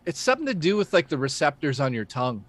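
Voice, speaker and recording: A man from Canada telling a long, lively story in casual livestream chat, swearing and laughing as he goes. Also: fairly high pitch, quick pace.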